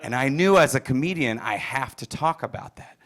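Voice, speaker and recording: A middle-aged man from Wisconsin doing a stand-up set, telling stories with deadpan delivery and quiet asides. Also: mid-range voice, brisk. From Wisconsin, USA. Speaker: stand-up comedian. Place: comedy stage.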